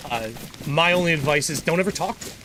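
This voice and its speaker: A man talks casually on a livestream in a fairly high voice. He is earnest and opinionated, and he circles back and restarts his sentences. Steady game noise sits clearly under his speech. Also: quick pace. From United States. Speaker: gaming livestreamer and lawyer.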